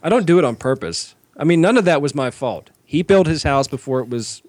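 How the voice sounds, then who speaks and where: A man's voice: fairly high pitch, expressive, brisk, dry recording. A man co-hosting a casual podcast, telling long rambling anecdotes and acting out the people in them. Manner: rambling anecdotes, acts out quoted voices loudly. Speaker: podcast co-host. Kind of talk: casual storytelling chat.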